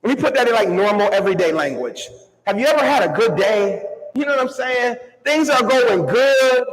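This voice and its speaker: A man giving an energetic motivational keynote to a live crowd, calling on the audience to answer and move along with him. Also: very high voice. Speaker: motivational speaker. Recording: long hall reverb.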